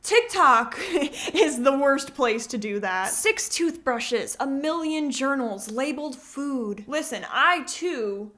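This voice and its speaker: A woman hosts reaction commentary in a sarcastic, animated way, often laughing at her own jokes. Her voice is high and bright, with a forceful sparkle. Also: slow pace, few pauses. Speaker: commentary host.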